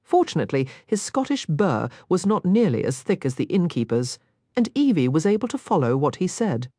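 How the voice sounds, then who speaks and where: A woman with a low voice narrates a historical romance with wide, lively inflection. The recording is close and completely dry, with no room sound. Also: no room sound. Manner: measured, expressive storytelling. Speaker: audiobook narrator. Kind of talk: scripted narration.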